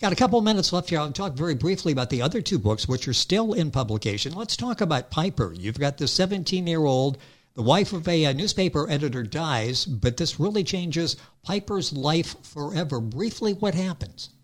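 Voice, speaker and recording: Brief: man, host, brisk and lively, pitch a bit high. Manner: brisk, promotes the books and moves the talk along. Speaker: interview host. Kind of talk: interview.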